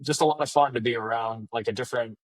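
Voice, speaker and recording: A man's voice: mid-range voice, fast, no echo. A man in his thirties, a podcast guest telling stories in a casual, chatty way with many fillers. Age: 30s. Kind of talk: casual storytelling interview.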